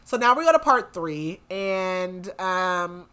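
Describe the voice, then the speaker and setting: A young woman co-hosting a book podcast, casually retelling a novel's plot with lots of "like" and "um" fillers and quick acted-out quotes. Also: lowish voice, expressive, a bit bright, clear, resonant tone. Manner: chatty, lots of "like" and "um", acts out quotes.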